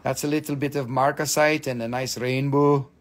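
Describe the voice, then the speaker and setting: A man hosting a live-stream mineral sale, gushing excitedly over each stone, swearing freely and calling out prices. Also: mid-range voice, normal speed. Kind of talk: live-stream sales chat.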